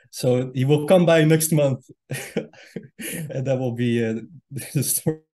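A man with a dark, mellow voice speaks in a casual online discussion, laughing as he finishes a thought. His pitch sits in the middle range. He is heard over a video call. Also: takes it slowly. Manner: laughs while wrapping up a point.

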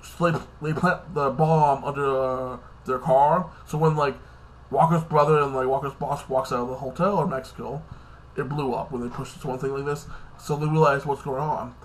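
A man's voice: mid-range voice, fairly even intonation, moderate pace. A man casually recapping a TV episode in a rambling way, tacking "like this" and "like that" onto his sentences and swearing now and then. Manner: rambling, fills with "like this" and "like that". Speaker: TV episode reviewer.

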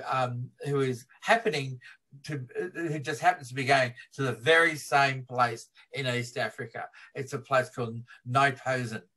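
A man being interviewed as a film historian, retelling film scenes in a lively way and laughing as he talks. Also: mid-range voice. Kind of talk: animated interview storytelling.

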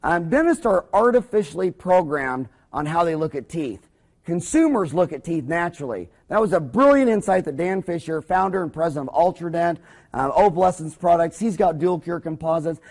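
A man's voice: a little high, fairly quick. A man giving a business lecture for dentists, rambling through jokes and anecdotes. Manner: animated, joking, rambling storyteller. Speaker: dental practice lecturer.

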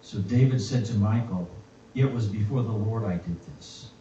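A man preaching a sermon and reading scripture aloud in a slow, reflective way. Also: lowish voice, mellow, a little hiss or hum. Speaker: pastor. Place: church. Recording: echoey, distant, muffled church recording.

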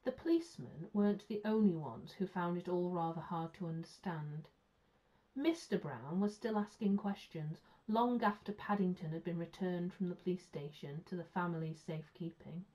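A woman teacher reading a children's story aloud with clear, expressive storytelling. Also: fairly low pitch, normal speed. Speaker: primary school teacher. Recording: muffled lo-fi sound.

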